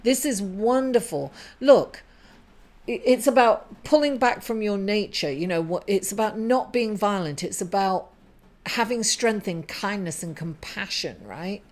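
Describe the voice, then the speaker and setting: A woman's voice: medium pitch, a little slow, darkish tone. A middle-aged woman giving an upbeat, encouraging tarot reading, affectionately calling the listener darling. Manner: effusive, calls listener darling. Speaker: tarot reader.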